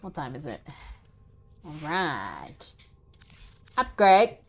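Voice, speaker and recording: A woman livestreaming a game, chatting casually with her viewers; she is excitable, swears freely and laughs often. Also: low-pitched, drawn-out words, gravelly, faint music behind. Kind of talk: casual gaming livestream chat.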